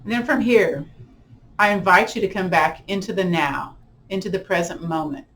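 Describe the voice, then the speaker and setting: A woman yoga instructor leading a guided relaxation and visualization, talking in a gentle, unhurried, casual way with friendly fillers. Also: fairly low pitch.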